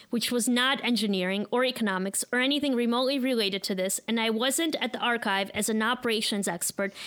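Woman, 30s, Chicago accent, live storyteller, self-deprecating and candid, slightly high voice. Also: a bit bright.

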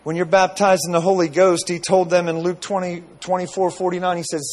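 A man with a notably high voice preaches a sermon. He tells his story loosely, circling back with repeated phrases and asides to the congregation. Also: little pitch movement, brisk, few pauses.

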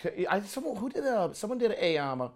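A man's voice: high voice, very animated, a little fast, darkish tone. A man, a film critic, giving emphatic, opinionated takes in a casual podcast chat, often restarting his sentences.

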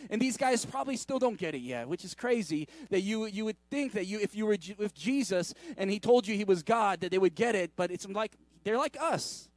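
High-voiced man preaching casually. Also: animated, normal speed, dry recording. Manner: casual, conversational preaching with many asides and restarts. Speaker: pastor. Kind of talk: sermon.

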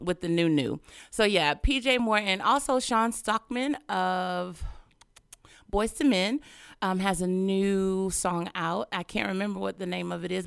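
A woman hosts a radio show, chatting playfully and breaking into laughter. Her voice is smooth and resonant. It sounds close and dry, as if spoken into a studio mic. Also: fairly low pitch, fairly bright tone, no room sound. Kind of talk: casual radio chat.

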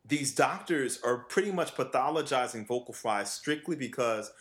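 A man co-hosting a casual talk show, a vocal coach who chats animatedly, laughs often and slips into quick impressions of other people. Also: mid-range voice. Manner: animated, mimics voices often, laughs a lot. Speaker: podcast co-host and vocal coach. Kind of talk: casual chat.

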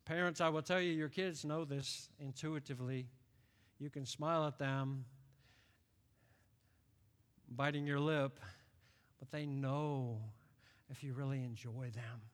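A man in his late fifties from upstate New York, preaching a sermon in an animated storytelling way. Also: mid-range voice, a little slow, long pauses. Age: late 50s. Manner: animated storytelling, acts out quoted voices. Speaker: pastor. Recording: long reverb of a large hall.

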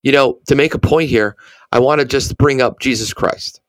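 An earnest man co-hosting a ministry show, working through scripture in a conversational way. His voice sits at a middle pitch for a man. The sound is dry and close, with no room echo. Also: moderate pace. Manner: earnest, many restarts. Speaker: ministry podcast co-host. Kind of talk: conversational Bible teaching.

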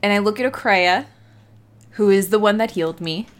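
A woman's voice: mid-range voice, normal speed. A woman playing a tabletop game, describing her character's actions in a casual, thoughtful way. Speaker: player.

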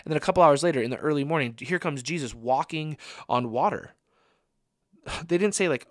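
A young man preaching in a relaxed, conversational way, peppering his talk with "like". His voice sits at an ordinary middle pitch and sounds close and dry, with no room echo. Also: fairly quick. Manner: conversational, many "like" fillers. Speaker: young adult ministry speaker. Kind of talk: casual sermon.

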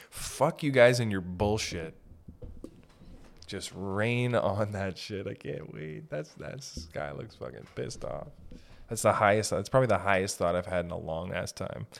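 A man with a fairly low voice rants through a casual comedy podcast. He swears constantly, rambles from thought to thought and breaks into laughter. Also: creaky. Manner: profane, rambling, laughs often, jumps into silly voices. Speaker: podcast host.

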